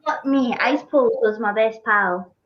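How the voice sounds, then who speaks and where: A woman's voice: fairly high pitch, a little slow, dull audio. A woman co-hosting a casual livestream chat, curious and chatty, who swears casually. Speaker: co-host.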